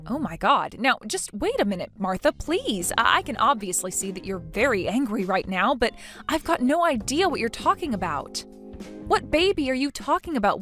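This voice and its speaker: A woman voices a pregnant young wife, polite and hesitant with small stammers. Her fairly high voice moves in a lively way. A text message story reading over faint music. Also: normal speed.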